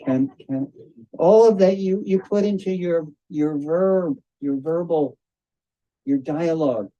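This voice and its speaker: An older man giving a devotional talk to a group over a video call, telling stories slowly and circling back on his phrases. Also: fairly high pitch, dark tone, highs cut off. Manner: slow, storytelling, repeats and restarts phrases. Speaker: spiritual teacher.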